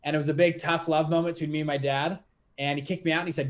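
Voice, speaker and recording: A young man in his twenties, a podcast guest telling his story in a lively, quick, laughing way. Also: a little high. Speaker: podcast guest, fund manager. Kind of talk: casual storytelling interview.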